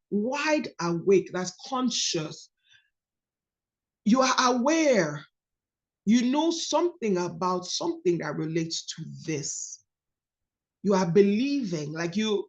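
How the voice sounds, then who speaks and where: A woman's voice: mid-range voice, slow pace, long pauses. A woman coaches a group over a video call, her voice sitting in a middle register. She leans on repetition, saying key phrases twice to drive them home. The audio is dull and lo-fi, typical of an online meeting. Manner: expressive, repeats key phrases for emphasis. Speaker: coach leading a book study.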